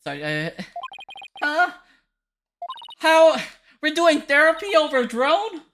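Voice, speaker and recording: A young woman giving casual let's-play commentary, chatty, excitable and laughing often. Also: high voice, slow pace. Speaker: game streamer. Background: game music.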